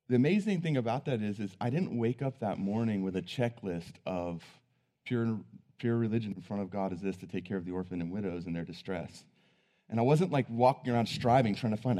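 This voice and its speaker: A man's voice: lowish voice, animated, moderate pace, warm tone. A man preaching, telling a personal story in an earnest, conversational way. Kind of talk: sermon storytelling.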